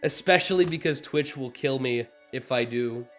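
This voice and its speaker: A man's voice: medium pitch, moderate pace, faint music behind. A man chatting casually on a live stream about voice acting, rambling, joking at his own expense and breaking into laughter. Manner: rambling and self-mocking, bursts of laughter. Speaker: streamer and voice actor. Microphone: streaming microphone.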